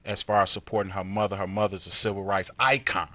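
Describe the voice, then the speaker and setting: A man hosts a talk show from a TV station studio, his voice bright and forward. He tells stories in animated street slang and acts out each scene as he goes. The sound is dry and close. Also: low voice, quick pace, no echo. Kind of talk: casual studio chat.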